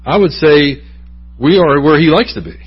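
A man's voice: fairly high pitch, animated, moderate pace, husky. A middle-aged man preaching a sermon in a church sanctuary, talking conversationally and putting questions to the congregation. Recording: dull lo-fi church recording.

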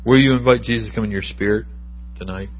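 Husky man preaching a conversational sermon. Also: on the low side, fast. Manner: conversational preaching with asides and questions to the congregation. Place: church sanctuary. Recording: dull lo-fi church recording.

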